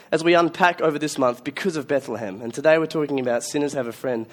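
A man preaching a Christmas sermon, telling stories in a conversational, self-mocking way. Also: fairly high pitch. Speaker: pastor.

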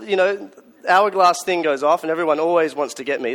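A man's voice: high-pitched, fairly even intonation, brisk. A man preaching a Christmas sermon, telling stories in a conversational, self-mocking way. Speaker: pastor.

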